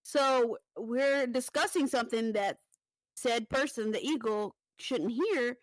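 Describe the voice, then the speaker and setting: A woman hosting a podcast, telling casual stories in an animated, profane way and laughing as she goes. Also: on the high side, slow, no echo. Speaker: podcast host. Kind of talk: casual storytelling chat.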